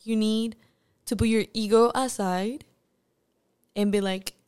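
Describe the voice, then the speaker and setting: This is a woman, chatting candidly as a guest on a podcast. Her voice sits a little on the high side, and she speaks in an animated, open way. She often restarts a sentence midway to find the right words. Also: takes it slowly, smooth. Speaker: actress guest. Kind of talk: casual podcast interview.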